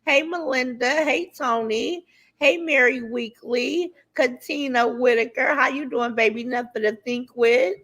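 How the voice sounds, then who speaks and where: A woman hosting a casual livestream, greeting viewers by name and chatting in a lively, talkative way with features, swearing now and then. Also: high voice, a little slow. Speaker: livestream host.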